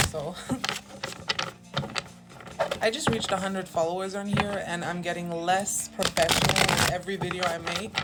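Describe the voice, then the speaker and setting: A woman's voice: mid-range voice, background noise. A young woman chatting casually through a tarot reading in a rambling, self-mocking way. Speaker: tarot reader.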